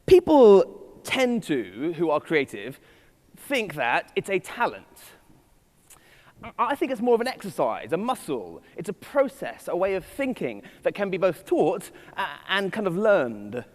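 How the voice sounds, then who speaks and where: A man's voice: high voice, huge pitch swings, measured pace. Witty man giving a keynote. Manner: witty, digressive, self-deprecating. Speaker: conference speaker. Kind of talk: keynote talk. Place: conference hall. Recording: hall reverb from stage.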